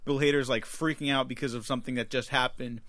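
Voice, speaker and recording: A man co-hosts a movie review podcast with a dry, sarcastic wit and a loose, filler-heavy way of talking. His mid-pitched voice sounds close and dead dry, with no room sound. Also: fairly even intonation, fast talker, fairly bright tone, no room sound. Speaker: podcast co-host. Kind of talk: casual movie review chat.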